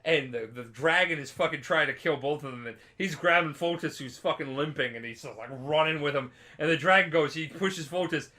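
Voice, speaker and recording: A tipsy young man retells a story in a casual, profane ramble. His voice is bright and forceful and sits a bit high. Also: brisk, hardly any pauses. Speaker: podcast co-host.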